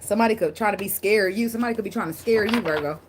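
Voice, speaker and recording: A woman's voice: mid-range voice, rapid-fire, noisy background. Blunt, profane woman reading tarot. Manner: blunt, profane and laughing, talks straight to viewers. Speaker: tarot reader. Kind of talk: casual tarot reading to camera.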